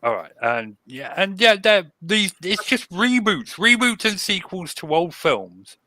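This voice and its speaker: Sardonic man with a bright voice. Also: high-pitched, sing-song, a little slow, dry recording. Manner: sardonic, ranting. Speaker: podcast co-host. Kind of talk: casual chat.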